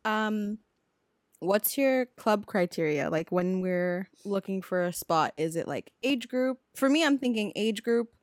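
A woman's voice: mid-range voice, animated, unhurried, dry recording, studio quality. A young woman in casual chat, thoughtful, asking her friends questions.

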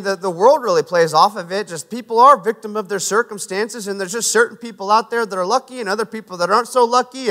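A man's voice: sits high, pushed and bright. A man preaching a sermon and telling stories from his military training, in an earnest, conversational way with restarts, recorded in a hall. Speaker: preacher and former Navy SEAL. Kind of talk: sermon with personal story. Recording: echoey hall with long reverb.

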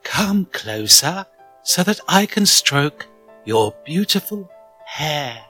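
Storybook villain: a greedy wolf faking a frail granny, bright and trembling, voiced by a man. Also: a little high, very animated, faint music behind, pitched above the performer's own voice, exaggerated voice. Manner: trembling, slow, wheedling. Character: sly hungry male wolf disguised as granny.

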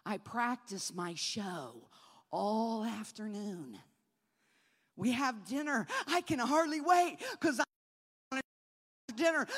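A woman preacher telling a childhood story in a sermon, moving between soft storytelling and loud preaching. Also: fairly high pitch, long reverb tail.

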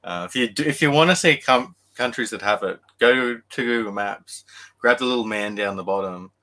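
A man's voice: medium pitch, normal speed, bright, forceful tone. A man with an Australian accent chatting casually on a podcast, rambling and laughing at his own jokes. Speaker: podcast co-host. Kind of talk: casual chat.

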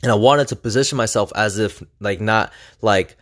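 A young man tells a personal story straight to camera in a casual, rambling way. His voice sits fairly low, and he leans on "like" and restarts as he goes. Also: normal speed, a bit bright. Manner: rambling, filler-heavy with frequent "like". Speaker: vlogger.

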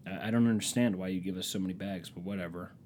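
Guy with a lowish voice ranting casually, sarcastic, cusses a lot. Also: fairly even intonation, quick pace, a little mellow, a little hiss or hum. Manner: sardonic, profane storytelling with mocking put-on voices. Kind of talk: casual monologue.

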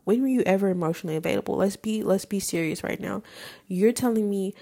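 Frank, gravelly-voiced young woman podcaster. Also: medium pitch, dark tone. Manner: frank and raw, casual with profanity, halting pauses. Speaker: podcast host. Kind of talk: candid personal storytelling monologue.

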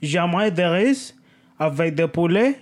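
Young man, podcast host, high voice, animated, laughing, stumbling over French. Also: normal speed. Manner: animated, self-mocking, laughs often; stumbles through broken French phrases. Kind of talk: casual solo podcast chat.

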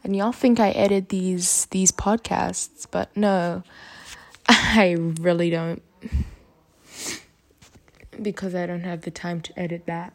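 A woman's voice: on the low side, steady tone, slow, pauses often, no room sound. A teenage girl with a runny nose, rambling through a casual solo podcast story with lots of fillers. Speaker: podcast host.

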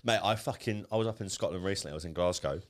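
A man co-hosting a casual podcast, chatty and quick to butt in, swearing freely. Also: low-pitched.

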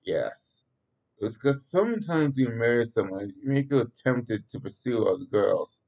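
A man's voice: mid-range voice, big pitch swings, measured pace, vocal fry, a little mellow, rough recording. A man voicing a tired, guilty divorced father in a read-aloud story, speaking awkwardly and with hesitation.

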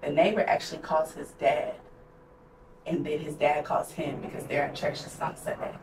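A young adult woman co-hosts a podcast, sharing a personal story candidly and casually with heavy use of "like." Her voice sits low, with a level tone and a moderate pace. The recording has a roomy echo, a distant mic and faint background noise.

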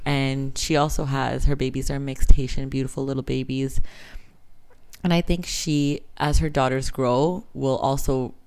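A woman's voice: very deep voice, level tone, normal speed, darkish tone, clean tone. A Canadian woman in her thirties hosting a podcast, talking frankly and casually, with swearing. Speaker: podcast host.

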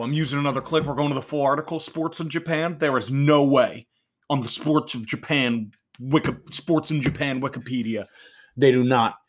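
A man hosting a show, casually talking himself through a game, swinging between loud outbursts and quiet muttering. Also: medium pitch. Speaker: podcast host. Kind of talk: casual live commentary while playing a game.

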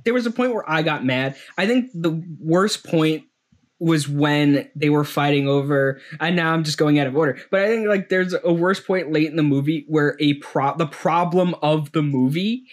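A man's voice: fairly high pitch, moderate pace. A man co-hosting a casual movie-review podcast, rambling with many fillers and frequent laughs. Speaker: podcast co-host.

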